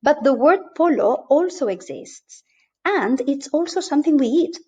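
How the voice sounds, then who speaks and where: A fairly high-voiced woman teaches over slides in a mellow, warm tone. She speaks clearly and patiently and slows down to model each sound. The voice-over sounds dull and lo-fi. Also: animated. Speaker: language teacher.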